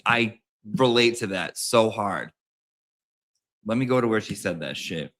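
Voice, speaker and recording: A man's voice: a little slow, pauses often. A young man hosting a casual reaction commentary, campy and profane with jokey asides. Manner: profane, campy, jokey, lively pitch swings. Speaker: commentary host.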